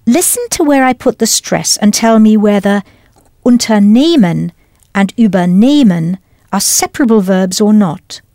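A woman's voice: mid-range voice, expressive, moderate pace, dark tone, no echo, studio quality. A woman teaching a scripted language lesson, enunciating carefully and prompting the listener with questions.

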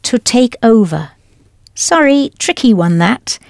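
A woman's voice: fairly high pitch, very animated, slow, creaky, a little mellow, dry recording, studio quality. A woman teaching a scripted language lesson, enunciating carefully and prompting the listener with questions.

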